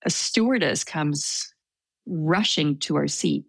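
A woman telling a story in casual conversation, soft-spoken and hesitant with many fillers. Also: deep voice, takes it slowly, gravelly, no echo. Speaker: storyteller guest.

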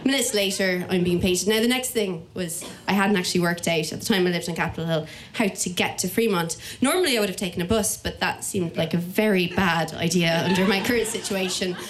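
An Irish woman telling a comic personal story live, animated and acting out the voices of the people in it. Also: lowish voice, fairly quick, few pauses, a crowd in the background. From Ireland.

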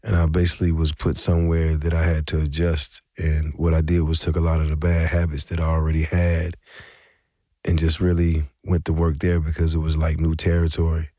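A man's voice: rumbling low, brisk, no room sound, studio quality. A middle-aged man, a guest telling stories in a casual interview with easy fillers. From South Georgia. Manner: relaxed storytelling with fillers. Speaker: guest, rapper.

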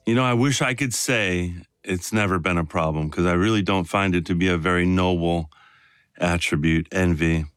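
A man's voice: sits low, moderate pace, fairly bright tone, clean tone, dry recording. Rambling man from Chicago, dry sound. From south side of Chicago. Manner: rambling, full of "you know" and "like" fillers. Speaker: guest, actor. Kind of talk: casual interview conversation.

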